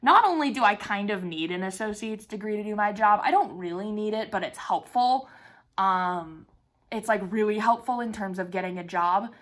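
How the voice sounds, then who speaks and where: A woman's voice: medium pitch, normal speed, fairly bright tone. A woman in her twenties chatting casually and emphatically on her vlog, laughing often and swearing now and then. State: excited. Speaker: crafting vlogger. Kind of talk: casual chat.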